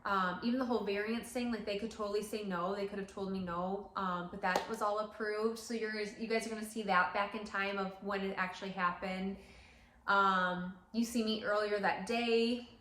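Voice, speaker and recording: A woman's voice: medium pitch, fairly even intonation, moderate pace, fairly bright tone. Woman vlogging, chatty, full of fillers, tearing up, roomy echoey salon, faint background hum. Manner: chatty, many fillers, tearful and emotional. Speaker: salon owner. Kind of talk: casual vlog chat to camera. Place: salon interior. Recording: roomy echo.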